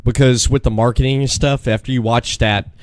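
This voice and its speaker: A young man calling in as a podcast guest, chatting in a laid-back, drawn-out way with chuckles. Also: medium pitch, steady tone, no echo, clean studio sound. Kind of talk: casual chat.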